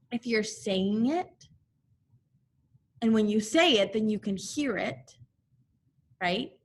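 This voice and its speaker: A woman with a fairly high, slightly breathy voice teaches a recorded phonics lesson to second graders. She repeats letter sounds slowly so the children can echo her, encouraging them and frequently checking in with "okay?".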